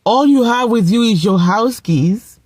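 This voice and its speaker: A woman's voice: a little high, lively intonation, a little slow, a little mellow. A woman recounts a personal story in a casual vlog, blunt and emphatic, swearing freely as she drives her point home. Her voice is recorded close and dry, with no echo around it.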